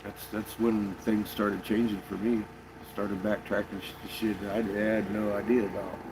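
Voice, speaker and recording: A man's voice: on the low side, little pitch movement, measured pace, background noise. A man talking casually in a rambling monologue, swearing often and restarting his sentences. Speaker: conspiracy vlogger.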